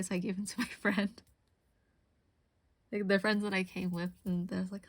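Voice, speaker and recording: Woman streamer, casual crafting chat, giggly storyteller, mid pitch, dry close sound. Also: little pitch movement, fairly quick, long pauses, husky, dry recording. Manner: chatty and giggly, laughing often mid-story.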